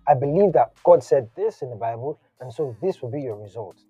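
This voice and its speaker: A man giving a casual, conversational sermon, animated and slangy in his asides. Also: mid-range voice, fairly quick, husky. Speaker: preacher. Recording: dull lo-fi audio, faint music.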